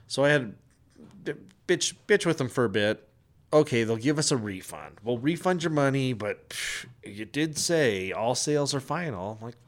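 A man's voice: medium pitch, expressive, moderate pace. Man, casual podcast co-host; exasperated, profane storyteller. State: sick with flu at the time told, not now.

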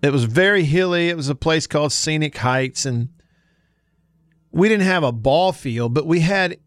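A man's voice: fairly high pitch, moderate pace, no room sound, studio quality. A man in his forties from Alabama with a Southern accent, hosting a sports radio show and telling stories in a chatty way, laughing often. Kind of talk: casual sports radio talk.

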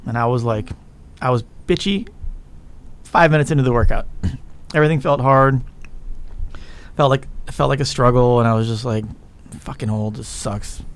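A man hosting a podcast in a casual, ranting style, frank and profane as he tells animated stories. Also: medium pitch, moderate pace, long pauses, clear, resonant tone. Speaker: podcast host.

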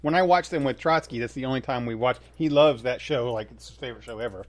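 A man's voice: medium pitch, quick pace. A man with a mid-range voice, talking on a podcast in an easygoing, conversational way. He often restarts his sentences as he thinks aloud. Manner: relaxed, conversational, with frequent restarts. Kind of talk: casual chat.

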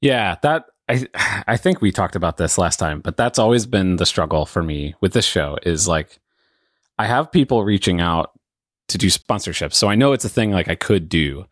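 A man's voice: low voice, animated, moderate pace, no echo, clean studio sound. A man hosting a podcast, thinking aloud in casual chat with hesitant restarts. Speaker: podcast host.

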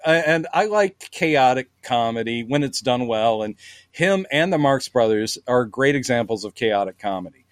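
A man's voice: mid-range voice, normal speed, no room sound. A man co-hosting a podcast, chatting casually about old comedies and acting out quoted bits. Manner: animated, acts out quoted lines with laughs. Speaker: podcast co-host.

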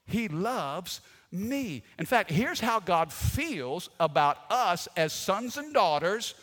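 A pastor preaching a sermon with animated storytelling. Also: male voice, high-pitched, slow, in a large hall.

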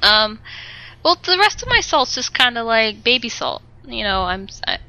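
Ranting bright-voiced woman podcaster. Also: a little high, moderate pace, vocal fry. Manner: animated, ranting, swearing freely. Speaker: podcast co-host. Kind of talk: casual chat. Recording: dull lo-fi podcast audio.

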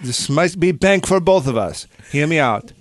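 A scheming dictator pitches a cheesy sales idea to a friend, as a man hams it up in a comedy podcast. The voice is raised and lively, and the sound is close and dry. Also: moderate pace, dry recording, natural voice. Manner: hammy, self-mocking put-on voice.

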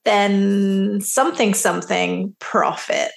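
A woman's voice: medium pitch, steady tone, takes it slowly, gravelly. A woman co-hosting a podcast in casual chat, laughing often as she talks. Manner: giggly, laughs often between lines. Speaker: podcast co-host.

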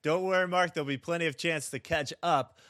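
A man's voice: on the high side, brisk, a bit bright, dry recording, studio quality. A young man hosting a casual podcast quiz, upbeat, reading questions and announcing scores with chuckles. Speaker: podcast host running a quiz.

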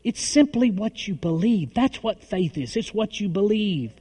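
A middle-aged man preaching a sermon, emphatic, with call-and-response and swings between loud and soft. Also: sits high, big pitch swings, unhurried, slightly rough. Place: church hall. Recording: long hall reverb.

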